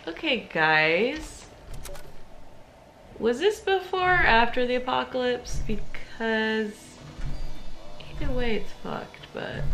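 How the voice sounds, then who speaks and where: A young woman talks through a game in a relaxed, unhurried way, with plenty of vocal fry in her voice. She reacts with wry, sweary asides, and her pitch moves around a lot. Game music plays behind her. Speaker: gamer. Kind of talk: casual gameplay commentary.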